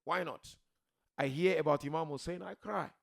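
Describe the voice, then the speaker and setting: Impassioned preacher with a gravelly voice. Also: male voice, a little high, normal speed. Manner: impassioned, swings from soft pleading to loud shouted emphasis; rhetorical questions, repeats key words. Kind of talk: sermon.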